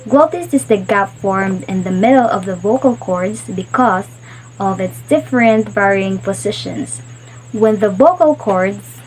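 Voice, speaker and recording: A woman giving a classroom lecture on speech organs, explaining slowly and repeating example words. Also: mid-range voice, darkish tone, a little hiss or hum, low-quality recording. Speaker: student teacher.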